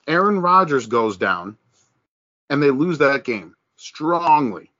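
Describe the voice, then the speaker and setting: Animated man riffing on football. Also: mid-range voice, unhurried, no room sound, lo-fi sound. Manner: animated, mocking put-on voices when quoting others, many restarts. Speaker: podcast co-host. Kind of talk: casual sports chat.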